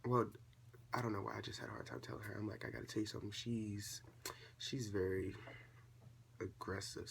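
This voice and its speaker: A seventeen-year-old young man, a vlogger telling a casual storytime at home and acting out quoted dialogue in a chatty, animated way. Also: fairly low pitch, gravelly, a little hiss or hum. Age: late teens.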